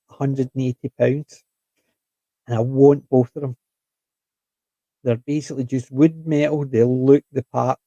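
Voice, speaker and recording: A man's voice: medium pitch, mellow, no echo, lo-fi sound. A man, a podcast co-host, rambling enthusiastically in casual chat.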